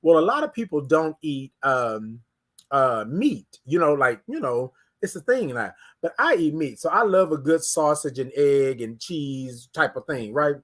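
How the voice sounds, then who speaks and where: Animated man hosting a morning show. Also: fairly high pitch, a little slow. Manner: animated storytelling, acts out quoted voices. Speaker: host. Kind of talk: casual morning livestream talk.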